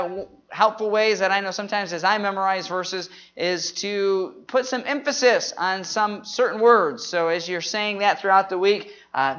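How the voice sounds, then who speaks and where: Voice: mid-range voice, a bit bright, highs cut off. A Bible class leader running a group memory drill, talking energetically and often saying "man".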